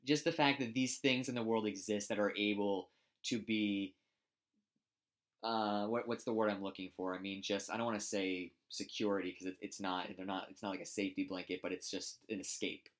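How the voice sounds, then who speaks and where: A man's voice: lowish voice, steady tone, fairly quick. A man co-hosting a casual sports talk show, rambling and searching for words with frequent restarts. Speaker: co-host.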